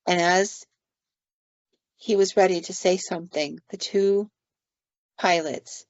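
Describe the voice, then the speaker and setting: A woman with a voice on the low side and a steady tone speaks slowly while co-hosting a podcast. She casually retells ghost stories with fillers and quoted asides, and the recording is dry, dull, and lo-fi.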